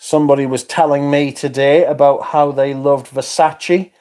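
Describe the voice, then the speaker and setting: A man's voice: mid-range voice, flat delivery, moderate pace, dark tone. A man talks casually on his livestream. He swears a lot and reads out viewers' comments as he goes. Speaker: livestream host reading chat.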